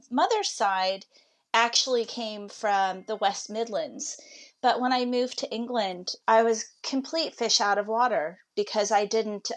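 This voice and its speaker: A woman, a guest on an interview podcast, telling her story in a chatty, reflective way. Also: medium pitch. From United States.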